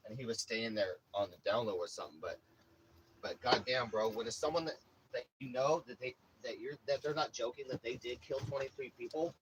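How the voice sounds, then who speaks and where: A man's voice: medium pitch, fairly quick, very noisy. A man livestreaming, telling rambling stories to his chat in a casual, profane way with many restarts. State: says he has a headache.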